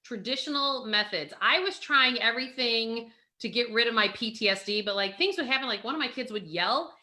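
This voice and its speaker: A woman hosting a casual podcast conversation, giggly and quick to laugh, telling candid stories in an animated way. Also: on the high side. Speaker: podcast host.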